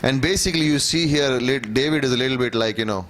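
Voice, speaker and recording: A man teaching a church Bible class, reading scripture aloud and explaining it in a conversational way, often checking in with "okay?" and clearing his throat. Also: mid-range voice, quick pace, fairly bright tone, slight background noise. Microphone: room microphone.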